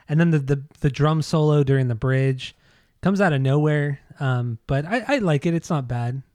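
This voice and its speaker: A man's voice: fairly high pitch, moderate pace, a little mellow, no echo. Upbeat man chatting about music, dry sound. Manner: enthusiastic, sings snippets of lyrics, laughs often. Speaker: podcast co-host. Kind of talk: casual music chat.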